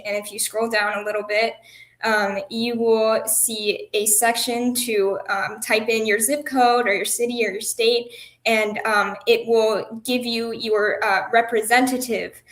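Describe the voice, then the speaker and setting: A woman's voice: on the high side, flat delivery, measured pace, a bit bright. Earnest woman guest in an echoey room. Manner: earnest, many "um" fillers. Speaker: guest advocate. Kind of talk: explaining an advocacy campaign.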